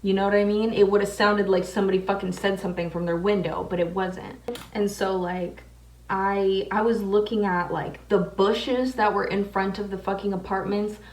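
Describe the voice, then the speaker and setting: A woman's voice: medium pitch, steady tone, moderate pace, recorded from a distance. Young woman vlogger, loose chatty swearing, a bit off-mic in a roomy space. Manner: casual, heavy swearing, many fillers. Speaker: makeup vlogger. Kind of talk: casual storytelling while doing makeup. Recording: echoey room, voice away from mic.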